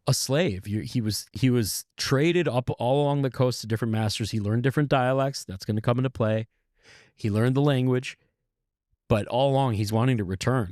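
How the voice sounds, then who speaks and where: A man with a somewhat low voice tells a history story in a loose, conversational way, stopping to correct himself and now and then swearing. The sound is dry and close. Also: darkish tone, dry recording. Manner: rambling, self-correcting, conversational with occasional swearing. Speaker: podcast host.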